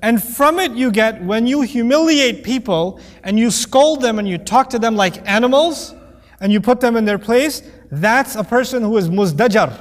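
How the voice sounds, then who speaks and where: A man's voice: very high voice, expressive, moderate pace. A man giving a conversational Quran commentary lesson, joking and acting out quoted voices. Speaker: Quran teacher. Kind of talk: lecture-style Quran commentary. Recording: long hall reverb.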